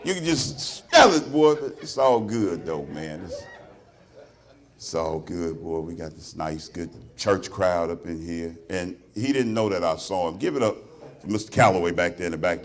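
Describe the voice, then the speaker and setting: A man with a Southern US accent doing a stand-up comedy set, loosely teasing the crowd and laughing along as he talks. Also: on the low side. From Alabama. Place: club stage before a live audience.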